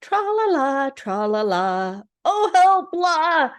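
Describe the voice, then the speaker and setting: A woman's voice: high voice, huge pitch swings, unhurried, a little mellow, breathy edge, pitched above the performer's own voice, exaggerated voice. An older woman voicing a simple, cheerful, honey-loving bear, humming in a sing-song way.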